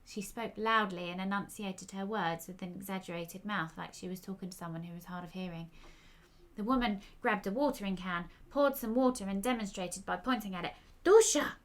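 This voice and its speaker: A woman's voice: mid-range voice, fairly quick, fairly bright tone. A woman storyteller reading her own fiction aloud in a wry, conversational way.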